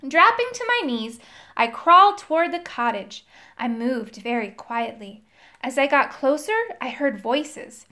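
Woman, high voice, very lively pitch, children's story read aloud, expressive storyteller's delivery. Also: measured pace. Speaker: storybook reader.

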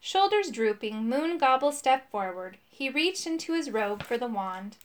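A woman narrating a children's storybook in an expressive, lively way. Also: sits high, measured pace. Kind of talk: storybook reading.

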